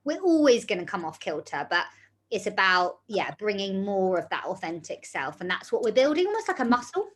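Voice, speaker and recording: A woman's voice: medium pitch, big pitch swings, fairly quick, a bit bright. Female group coach, chatty and encouraging, casual filler-heavy delivery. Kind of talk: leading an online group session.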